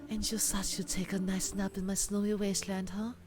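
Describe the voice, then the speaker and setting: A woman's voice: medium pitch, level tone, fairly quick, natural voice. A woman voicing a sassy, aloof young woman in a video game, speaking curtly and dismissively. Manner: curt, dismissive, sarcastic. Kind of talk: voiced video game dialogue. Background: game music.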